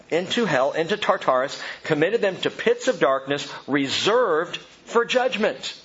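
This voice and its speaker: A man preaching a sermon, animated, calling his listeners "gang" and explaining scripture. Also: medium pitch, highs cut off. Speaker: pastor.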